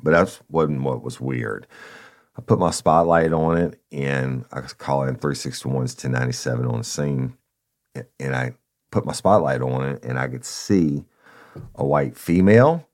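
A man's voice: very deep voice, moderate pace. A man, a former police officer casually telling a story from his patrol days in a conversational way. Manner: conversational, addresses listeners as y'all, animated retelling.

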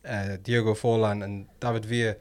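A man's voice: lowish voice, little pitch movement, clean tone. A man hosting a casual football podcast, quizzing his co-hosts and drawing out his questions. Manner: quizzing co-hosts, teasing, drawn-out prompts. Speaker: podcast host.

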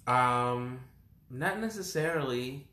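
A young man talking reflectively and hesitantly in a casual conversation, often pausing and restarting his sentences. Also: mid-range voice, animated, bright, forceful tone. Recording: roomy echoing room.

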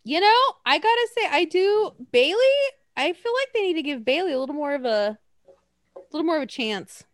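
A young woman co-hosting a casual podcast, animated and laughing often, swearing freely. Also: high-pitched, brisk, no echo, clean studio sound. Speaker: podcast co-host. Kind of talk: casual chat.

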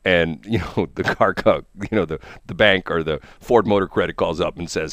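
A man hosting a morning radio show, joking and rambling in casual banter with halting repeats. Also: low voice, a bit bright, no echo, clean studio sound. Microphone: studio mic.

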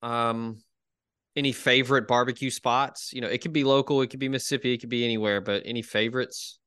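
A man's voice: mid-range voice, fairly even intonation, fast talker, a bit bright, clear, resonant tone, dry recording, clean studio sound. A man hosting a casual chat podcast, upbeat and steering the talk with questions. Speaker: podcast host.

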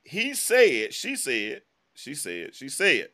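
A man's voice: medium pitch, huge pitch swings, drawn-out words, sharp tone. A man hosting a live online talk show, giving casual, emphatic commentary and speaking straight to his viewers. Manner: chatty, emphatic, addresses viewers directly.

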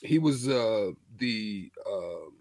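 A middle-aged man, a former basketball player, telling a story in a loose, animated way with slang. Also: fairly low pitch, extremely slow, no echo. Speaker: former pro basketball player, show regular. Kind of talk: casual storytelling chat.

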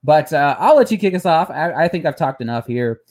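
A man's voice: on the high side, lively intonation, fairly quick, a little mellow. Man ranting heatedly on a sports podcast. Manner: heated, repeats words and restarts sentences. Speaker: podcast host. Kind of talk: casual sports podcast rant.

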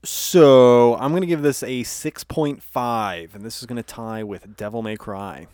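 A man's voice: medium pitch, measured pace, a little mellow, dry recording, studio quality. A man co-hosting a casual podcast, easygoing as he reads listener reviews aloud. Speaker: podcast co-host. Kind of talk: casual chat.

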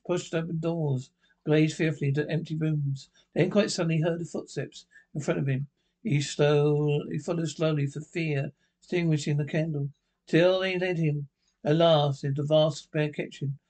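A male narrator reads a ghost story aloud, halting and restarting words he misreads. His voice is a little high and a little mellow.

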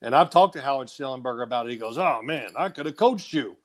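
A man, a former quarterback, telling stories as a guest in an animated, laughing way and acting out quotes. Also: medium pitch, quick pace. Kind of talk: casual phone-in storytelling.

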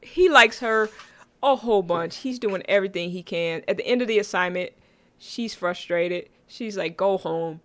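Animated laughing woman podcast co-host. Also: mid-range voice, moderate pace. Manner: animated, laughing, dramatic retelling. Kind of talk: casual chat reviewing a sitcom.

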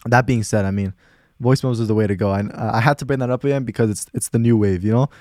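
A young man co-hosting a casual podcast, talking quickly and animatedly to the listeners. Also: on the low side, no room sound, studio quality. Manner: fast, animated, addresses listeners as guys. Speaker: podcast co-host.

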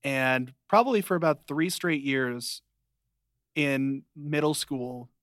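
Young male podcast co-host, smooth clear voice, dry close sound, rambling recap. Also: mid-range voice, takes it slowly, fairly bright tone, dry recording. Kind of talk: casual chat.

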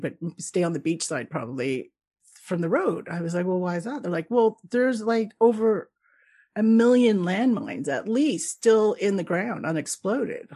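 A lively middle-aged woman from Canada, guesting in a casual interview, acts out people from her travels and laughs frequently. Her voice is medium in pitch and slightly rough.

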